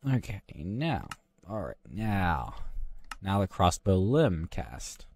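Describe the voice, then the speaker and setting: Low-voiced man muttering through gameplay. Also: very animated, takes it slowly, a little mellow, dry recording. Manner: muttering to himself, joking and self-mocking. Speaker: gaming channel host. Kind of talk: casual gameplay commentary.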